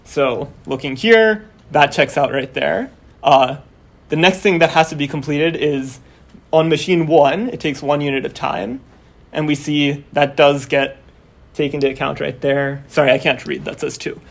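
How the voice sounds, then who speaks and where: Casual young male lecturer, somewhat high voice. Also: steady tone, a little slow, creaky. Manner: casual, explains step by step with many fillers. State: losing his voice. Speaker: course instructor. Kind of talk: university lecture. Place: classroom.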